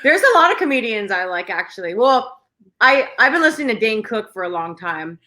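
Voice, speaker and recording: Bubbly lady cohost, swears a lot, laughs while talking, bright sharp voice. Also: on the high side, big pitch swings, brisk. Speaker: podcast co-host. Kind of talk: casual podcast chat.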